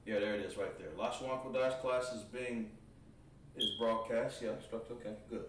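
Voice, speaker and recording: Male language instructor, slow drawn-out drilling, repetitive, distant mic, echoey room, faint hum. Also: mid-range voice, steady tone. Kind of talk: livestreamed language class. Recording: roomy echo, distant mic, faint background noise.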